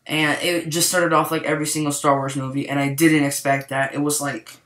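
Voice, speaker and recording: A young man rambling excitedly through a casual movie review, full of fillers and restarts. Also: a little high, fairly quick. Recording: echoey room.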